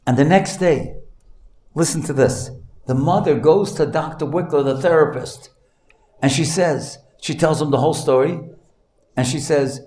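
Man telling stories in an echoey room. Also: normal speed. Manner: animated storytelling, voices the child in a high pitch. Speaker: speaker telling stories to an audience. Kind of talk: storytelling talk.

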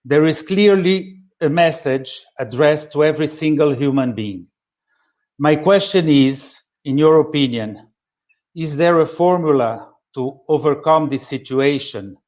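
A man from Brazil interviewing a guest, asking a long question in a measured, deliberate way. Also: fairly high pitch, darkish tone.

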